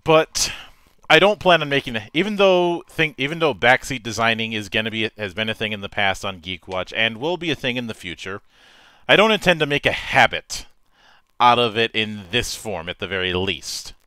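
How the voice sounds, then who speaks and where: A male podcast host with a bright, ringing, polished voice, recorded close and dry. He talks in a theatrical, profane, rambling way, often restarting his sentences mid-thought. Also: medium pitch, animated, normal speed, smooth, no echo. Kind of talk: casual chat.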